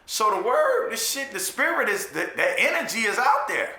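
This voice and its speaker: In an echoey room, a man with an extremely high voice talks at a normal pace, casually retelling the story of his time in jail. He's animated, restarting and repeating himself, full of profane street slang and frequent "you know what I'm saying."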